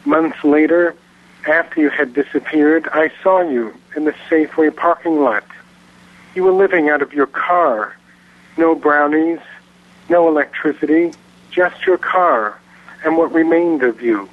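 A man with a slightly raised voice reads his poems slowly and carefully. He comes through a thin, tinny telephone line. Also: on the high side. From Virginia, US. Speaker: poet and guest caller. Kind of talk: poetry reading.

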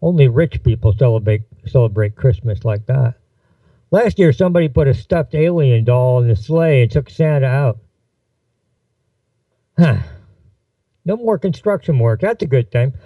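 A man's voice: lively intonation, normal speed, dry recording, far from the mic, dull audio. Man reading a gritty story aloud. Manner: voices dialogue with shifts in pitch. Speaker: narrator. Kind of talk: audiobook-style fiction reading.

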